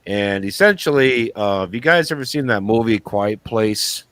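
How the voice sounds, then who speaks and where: A man's voice: on the low side, lively intonation, normal speed, a bit bright, dry recording. Rambling male co-host, dry close sound. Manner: rambling storytelling with restarts. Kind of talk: casual chat.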